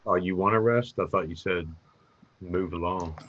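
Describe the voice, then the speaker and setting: A man's voice: low-pitched, normal speed, a bit bright, lo-fi sound. A man playing in a tabletop role-playing game, chatting casually with short, matter-of-fact replies. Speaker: player.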